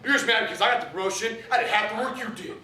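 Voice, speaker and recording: A man playing a smug office coworker who taunts quickly, recorded from a distance in a theater. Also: high voice, expressive, very noisy. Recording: roomy theater, distant mic, audience laughter.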